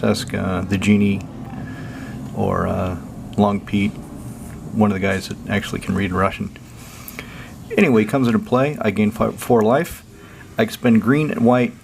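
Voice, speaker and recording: A man's voice: on the low side, vocal fry, a little hiss or hum. A man hosting a casual deck walkthrough, rambling loosely and swearing freely. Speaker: deck-building channel host.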